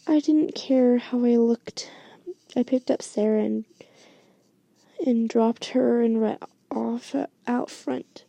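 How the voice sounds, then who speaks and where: A young woman narrating a first-person fanfic story in a hushed, halting way, as a whispered story reading with some restarts. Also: fairly high pitch, steady tone, creaky, no room sound, muffled recording. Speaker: story reader.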